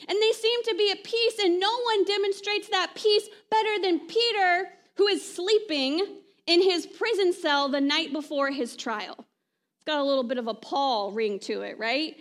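A woman pastor delivering a sermon in a conversational way, often checking in with "right?" and trailing off softly at the ends of phrases. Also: very high-pitched, a little slow. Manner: conversational preaching, frequent "right?" asides.

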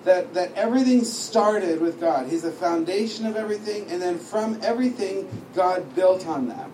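A man's voice: high-pitched, normal speed, darkish tone. A man teaching a sermon, telling a story with humor and acting out what people said. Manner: storytelling with humor, acts out dialogue. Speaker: preacher. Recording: echoey room, distant mic, noisy.

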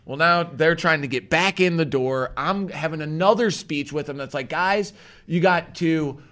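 A man casually telling a story on a podcast, animated and acting out other people's voices, with casual swearing. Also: fairly high pitch, normal speed.

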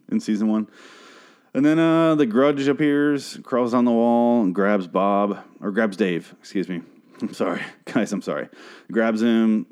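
A man with a somewhat low voice talks through a TV episode in one loose, unscripted monologue. He rambles, swears freely and interrupts himself, often breaking into exaggerated snippets of the characters' dialogue. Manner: rambling, profane, self-interrupting, quoting characters in animated voices. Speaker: show recapper. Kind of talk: casual recap monologue.

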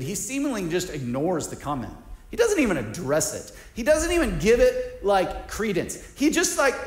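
A man's voice: sits high, reverberant. A man preaching a sermon as a pastor, emphatic and repeating key lines for stress.

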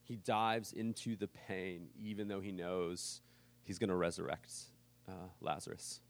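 A man preaching a sermon as pastor, earnest and conversational, moving between loud emphatic bursts and soft, quiet reading. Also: low-pitched, steady tone, measured pace.

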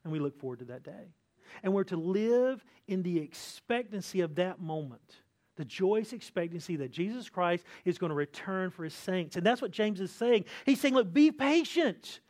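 A man's voice: sits high, lively intonation, normal speed, a little mellow. A pastor preaching a sermon in a conversational way, often checking in with his listeners by asking "right?". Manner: acts out complaining voices with sighs.

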